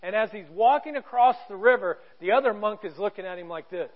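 Male pastor, sermon, storytelling, emphatic then hushed, dull lo-fi recording. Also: high voice, expressive, brisk. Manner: storytelling, emphatic with sudden drops to a hush. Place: church auditorium.

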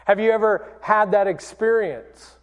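A man preaching in a church, retelling scripture with lively acted-out voices. His voice sits high for a man, and he takes his time, leaning on words slowly for effect. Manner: animated storytelling, acts out quoted voices. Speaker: pastor. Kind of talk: sermon.

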